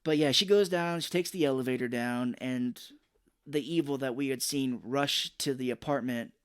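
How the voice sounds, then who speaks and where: A man co-hosting a podcast, casually retelling a film plot and jumping into high voices for the characters. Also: moderate pace, clean tone. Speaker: podcast co-host. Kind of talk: casual movie recap chat.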